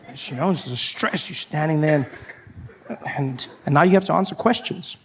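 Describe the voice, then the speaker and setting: A man performing stand-up comedy, telling stories in an animated way and acting out voices along the way. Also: fairly high pitch, normal speed. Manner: animated storytelling, lots of acted-out voices.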